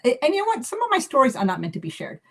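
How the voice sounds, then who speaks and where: A woman's voice: sits high, huge pitch swings, very fast, a bit bright. Woman host, psychic medium type, talkative storyteller who loves acting out dialogue. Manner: chatty with many fillers and restarts. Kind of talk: casual live video chat.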